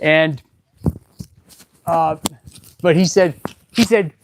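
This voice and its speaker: A middle-aged man, an auto mechanic hosting a casual live stream from his garage, chatting and rambling excitably as he works. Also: fairly high pitch, extremely slow, background noise. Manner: chatty, excitable and rambling, with sudden loud outbursts. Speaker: auto mechanic and channel host. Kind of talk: casual live-stream chat while working.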